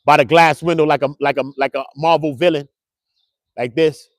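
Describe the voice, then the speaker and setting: A man hosting a casual online commentary show, animated and slangy, talking straight to his viewers. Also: on the high side, moderate pace, dry recording. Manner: animated, slangy, keeps calling viewers bro. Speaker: commentary channel host.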